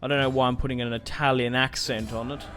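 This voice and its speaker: A man's voice: mid-range voice, fairly even intonation, fast, a bit bright. A young man giving casual, rambling commentary on a strategy game, thinking aloud with fillers. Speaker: gaming YouTuber.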